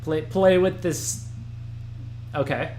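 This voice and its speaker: A man's voice: fairly high pitch, takes it slowly, darkish tone, echoey room, slight background noise. A man hosting a live stream, reacting to an album as it plays, rambling and restarting his sentences. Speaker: podcast host.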